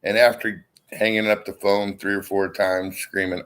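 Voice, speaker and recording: Sitting in his armchair at home, a middle-aged vlogger talks casually to his viewers through his laptop's built-in mic, his deep voice fairly even in intonation and fairly bright in tone. He rambles at a moderate pace, tells stories bluntly, and swears a lot. The audio is low quality.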